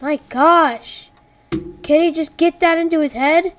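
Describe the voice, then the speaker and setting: High-voiced woman gaming in frustration. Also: steady tone, a little slow, fairly bright tone. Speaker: let's play gamer. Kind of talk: playing a game on camera.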